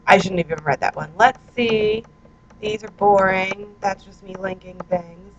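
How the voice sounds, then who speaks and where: A woman's voice: medium pitch, normal speed, highs cut off. A woman in her twenties, a vlogger chatting casually and self-mockingly at home, reading out her own posts into a handheld recorder. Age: 20s. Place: her apartment, indoors.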